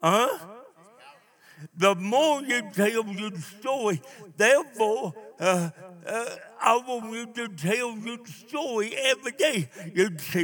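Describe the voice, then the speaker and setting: An older man preaching a sermon, emphatic, with call-and-response and drawn-out phrases. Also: high-pitched, expressive, fairly bright tone.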